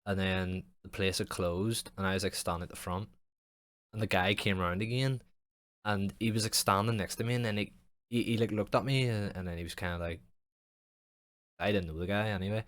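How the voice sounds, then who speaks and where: A man's voice: on the low side, fairly even intonation, fairly quick. A young man hosting a podcast, rambling in casual chat with heavy swearing and lots of fillers. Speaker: podcast host.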